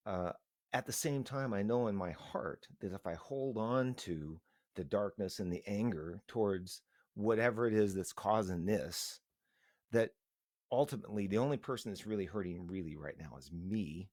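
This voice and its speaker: A middle-aged man talking into a live stream in a casual, earnest, halting way, rambling and restarting his sentences. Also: on the low side, animated, a little mellow, no echo, studio quality.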